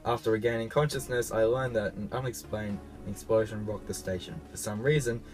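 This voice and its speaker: A man reading aloud a female bounty hunter's mission log from a video game, a little louder and higher than his normal talk. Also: steady tone, a little fast, over music, natural voice, rough recording. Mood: earnest.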